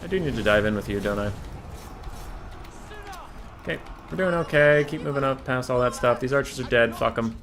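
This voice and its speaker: A man's voice: mid-range voice, brisk, long pauses, fairly bright tone, slight background noise. A young man commentating his own strategy game match, sarcastic and profane, sometimes breaking into outbursts at his units. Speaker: gamer streamer. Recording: faint game music behind.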